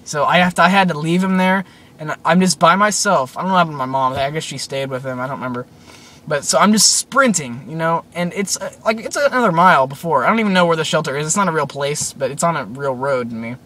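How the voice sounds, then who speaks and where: A man's voice: on the high side, fast, sharp tone. Rambling young man recounting a dream. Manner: rambling, full of "like" and "um"; awed retelling of a dream. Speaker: vlogger. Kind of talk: casual storytelling.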